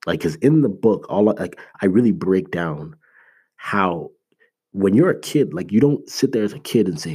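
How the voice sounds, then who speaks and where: A man's voice: sits low, animated, moderate pace, a little mellow, slightly rough. A man from Canada, a motivational speaker and author, giving an earnest, emphatic talk. He talks conversationally, with lots of "like" and restarts, and he repeats his key phrases.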